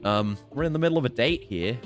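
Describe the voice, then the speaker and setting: A man voicing an unimpressed young male detective, answering in flat, deadpan retorts. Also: medium pitch, quick pace, soft background music, lightly acted. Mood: dry.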